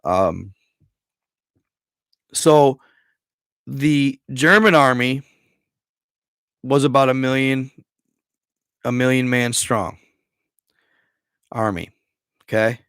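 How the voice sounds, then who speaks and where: Male streamer, unhurried and loose, slangy and rambling, dry close sound. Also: medium pitch, fairly bright tone, clear, resonant tone, dry recording. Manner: rambling, slangy, stumbles over words. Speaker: livestream host. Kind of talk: casual livestream history talk.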